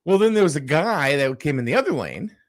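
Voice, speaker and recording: A man's voice: a little high, fairly quick. A man hosting a casual morning radio chat, telling a story and acting out its voices. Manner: animated storyteller, acts out voices in anecdotes. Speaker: radio show host.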